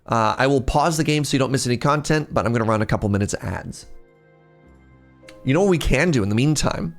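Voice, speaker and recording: A man's voice: mid-range voice, expressive, fast talker, soft background music. A man streaming a game, chatting casually, telling stories and laughing often between moves. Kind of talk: casual gameplay chat.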